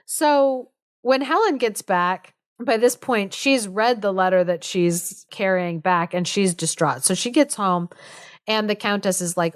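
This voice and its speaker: A woman's voice: medium pitch, unhurried, clear, resonant tone. A young woman co-hosting a podcast, casually retelling a play in a chatty way, full of "like", and acting out the characters' lines as she goes. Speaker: podcast co-host.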